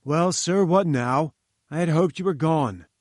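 Imperious old professor, commanding and scornful, raised pitch, man voicing. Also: unhurried, darkish tone, no echo, clean studio sound, natural voice. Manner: haughty and commanding. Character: domineering older male scientist, imperious.

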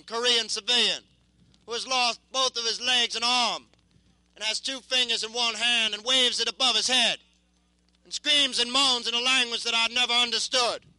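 A young man in his twenties, a war veteran, giving impassioned spoken testimony in an intense, halting, repetitive way. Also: very high voice, bright, forceful tone, clear, resonant tone, no echo, rough recording.

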